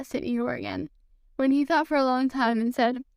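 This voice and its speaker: A woman reads a children's book aloud for a podcast in a gentle storytelling manner. Her voice is high and smooth. The recording is close and dry. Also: normal speed, no room sound. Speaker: podcast reader.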